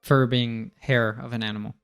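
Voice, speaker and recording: A man's voice: mid-range voice, flat delivery, moderate pace, fairly bright tone, clean tone, soft background music. A man teaching English, explaining pronunciation in a casual chat and laughing easily. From United States.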